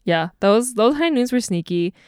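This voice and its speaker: A woman's voice: on the high side, expressive, moderate pace, darkish tone, smooth, no echo, studio quality. A young woman co-hosting a podcast at home, telling a story in a casual chat with frequent giggles. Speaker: podcast co-host.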